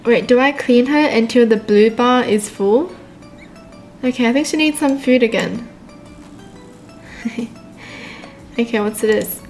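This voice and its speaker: Giggly high-voiced woman gaming host. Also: takes it slowly, long pauses, faint music behind. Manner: giggly and excitable, laughs often. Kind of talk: let's-play commentary.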